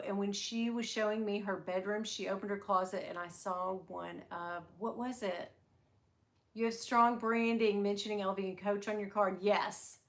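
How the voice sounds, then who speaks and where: A woman hosts a casual livestream, rambling through stories and breaking off to answer her viewers. Her voice is bright and sits a little high. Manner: chatty storyteller, quick asides to chat. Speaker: handbag channel host.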